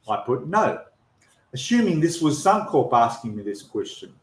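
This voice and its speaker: Aussie guy ranting on a live stream, fed up and emphatic, mid-pitched, echoey room. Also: big pitch swings, moderate pace. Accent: Australian. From Australia. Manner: exasperated, emphatic complaining with repeated restarts. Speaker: channel host. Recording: roomy echo.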